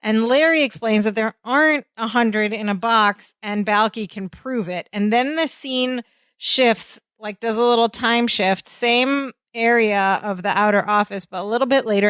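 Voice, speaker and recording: Woman, podcast co-host, casual recap, acts out quotes, higher voice, dry sound. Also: moderate pace, smooth, no echo. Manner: animated play-by-play retelling with acted-out quotes.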